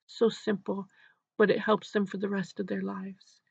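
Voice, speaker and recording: A middle-aged woman speaks in a husky, gravelly voice as she tells a nurse's story, often sinking to a soft near-whisper. The recording is dry and a little dull. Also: medium pitch, level tone, moderate pace, no echo. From Canada. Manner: gentle, often drops to a hushed near-whisper. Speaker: nurse and grief educator. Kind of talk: storytelling a case study.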